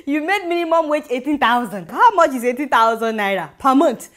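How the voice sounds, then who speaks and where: A woman with a Nigerian accent delivers a satirical comedy monologue in a bright, high voice. Her pitch leaps up and down constantly as she mocks and laughs her way through it. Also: fairly quick. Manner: animated, mocking, laughs often. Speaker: satirical show host.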